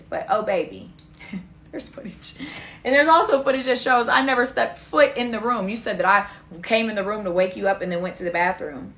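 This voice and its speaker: A woman's voice: medium pitch, expressive, a little fast, a bit bright. A young woman telling a casual storytime rant, blunt and profane, acting out other people's lines as she goes. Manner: blunt, profane, acts out quoted dialogue.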